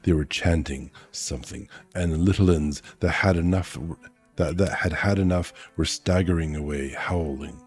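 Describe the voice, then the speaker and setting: A man's voice: low voice, moderate pace, a little mellow, husky, faint music behind. A man streaming a casual read-aloud of a novel, chatting in asides and correcting his own slips.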